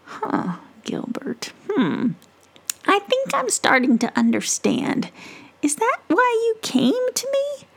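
A woman voicing a gentle, wise and playful witch in a breathy, half-whispered story voice. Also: extremely high pitch, huge pitch swings, slow, pitched above the performer's own voice, exaggerated voice. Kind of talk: whispered role-play.

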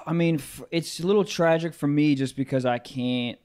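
A young stand-up comedian rambling through loose banter. He swears freely and plays up his own misery, and his voice sits a bit high for a man. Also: moderate pace, darkish tone, clean tone. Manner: rambling, swears, mock self-pity. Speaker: comedian co-host. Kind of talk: casual chat.

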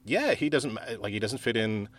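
A man chatting as a podcast guest, bubbling with enthusiasm and tripping over his restarts. His pitch swings widely as he talks. It sounds like relaxed conversation, not a script. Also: brisk. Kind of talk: casual chat.

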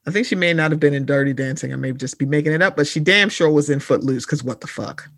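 Talking fast in a mid-range, fairly bright voice, a podcast co-host is heard in a dry, studio-quality recording. The casual pop-culture chat is blunt, sarcastic and heavy on swearing, with asides to listeners as "y'all."

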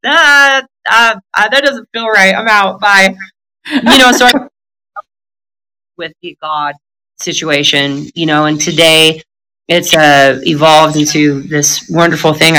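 A middle-aged woman talks candidly in a conversation, her voice bright and forward. She is blunt and profane, laughing as she goes and acting out other people's lines as she tells her story. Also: low voice, slight background noise, poor audio. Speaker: guest telling her recovery story.

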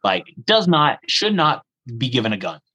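In a rough recording, a young man with a gravelly, fairly high voice tells a travel tale while chatting casually at normal speed. He plays out the dialogue with lots of energy and keeps dropping "like" into his sentences.

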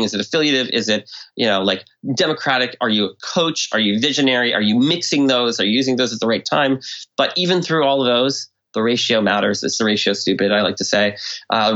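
A man as a podcast guest, explaining ideas in casual talk and often acting out quoted speech with lively swings in tone. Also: mid-range voice, dull audio. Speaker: guest expert. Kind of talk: conversational explanation.

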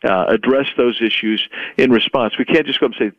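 A man appearing as a political guest on a radio show, answering in an earnest, measured way and repeating words as he works out his point. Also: mid-range voice, fairly bright tone, no echo, dull audio. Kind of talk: interview answer.

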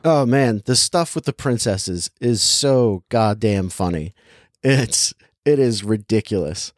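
A man's voice: lowish voice, expressive, takes it slowly, no room sound, studio quality. A young man casually chatting and reviewing a movie, rambling with lots of filler words and laughing easily. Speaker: podcast co-host reviewing a movie. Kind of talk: casual chat.

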